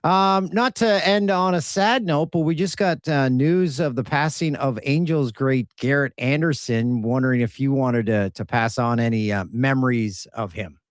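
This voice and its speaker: A man's voice: medium pitch, normal speed, hardly any pauses, dry recording, studio quality. A man hosting a sports talk show who asks questions in a friendly, easygoing way with some light laughter. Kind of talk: casual interview.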